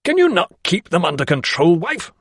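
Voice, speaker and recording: A pompous middle-aged Georgian merchant, as a male narrator puts him on, blustering and excitable, his voice lifted high above the narrator's own. The recording is close and dry. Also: moderate pace, creaky, breathy edge, no echo, full character voice.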